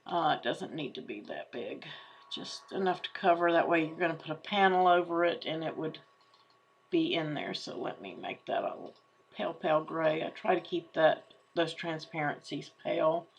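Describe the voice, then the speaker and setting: A woman hosting a crafting tutorial, chatting casually and thinking aloud as she works through design software. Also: low voice, moderate pace, vocal fry, husky, lo-fi sound. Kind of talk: screen-share craft tutorial.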